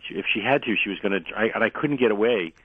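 A man with a very low, husky voice tells rambling stories as a radio guest. He is losing his voice and keeps clearing his throat. He comes through a thin, dry phone line. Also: very fast, dry recording. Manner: rambling anecdotal storyteller, frequent restarts. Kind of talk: radio interview, storytelling.

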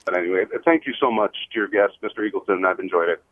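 A man's voice: sits low, fast, dry recording. A man from the United States calling in to a radio show, enthusiastic and rambling. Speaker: caller. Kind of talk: radio call-in comment. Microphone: phone line. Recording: dry phone-line audio.

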